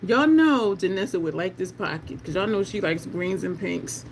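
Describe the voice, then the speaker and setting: Excitable chatty beauty livestream host. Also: mid-range voice, moderate pace, slight background noise. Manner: excitable, chatty, talks to chat as "y'all". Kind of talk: casual livestream makeup swatching. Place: at home in Delaware.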